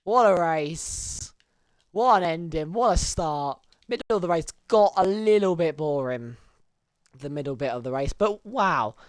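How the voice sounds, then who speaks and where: A woman calls a sim race with bursts of laughter and sudden high, loud cries when the action peaks. Her speaking voice sits fairly low and sounds strained from shouting. The sound is close and dry, with no room around it. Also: a little slow, no echo. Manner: excitable, laughs often, voice leaps high and loud in exciting moments. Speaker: race commentator and host. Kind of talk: live sim racing commentary.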